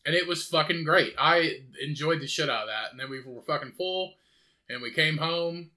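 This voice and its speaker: A young man tells stories on a casual podcast, rambling and swearing freely as he goes. His voice is very bright and sits a little high for a man. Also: moderate pace. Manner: rambling, profane storytelling with laughs. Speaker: podcast co-host. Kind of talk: casual chat.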